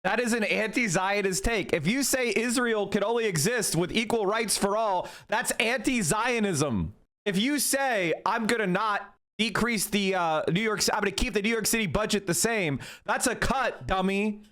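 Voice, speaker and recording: A man's voice: high voice, normal speed, fairly bright tone. A man streaming live political commentary, heated and profane, berating his chat.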